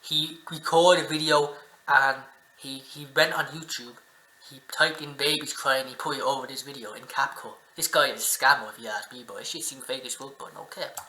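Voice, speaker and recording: A man hosting a reaction video, swearing and excitedly talking back at the clip he is watching. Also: medium pitch, moderate pace, roomy sound, low-quality recording. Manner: profane, excitable, talks back at the screen. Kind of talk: casual reaction commentary. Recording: music playing under the voice.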